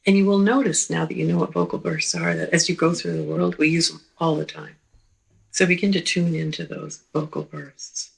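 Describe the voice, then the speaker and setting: A woman clinician giving a slow, gentle teaching talk, pausing often and checking in with the listener. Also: sits low, steady tone, vocal fry, husky, poor audio. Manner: slow, gentle, with pauses and repeated "right?".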